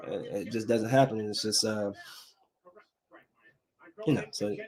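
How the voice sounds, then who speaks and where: With a fairly low pitch and a darkish tone, a podcast host talks casually on his own show about his week. His loose, heartfelt talk moves back and forth between grief and cheerful chatter.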